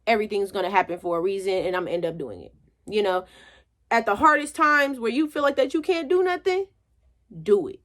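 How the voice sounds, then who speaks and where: A woman's voice: medium pitch, animated, a little fast, fairly bright tone. A young woman vlogger telling a motivational story in a chatty, colloquial way.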